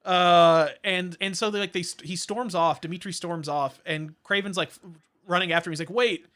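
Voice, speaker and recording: A man rambling through a movie plot in a casual podcast, stacking up fillers and restarts. His voice is bright and a little high, and he keeps it chatty. He tells the recap at length. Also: steady tone, a little fast, smooth. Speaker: podcast co-host. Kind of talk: casual chat.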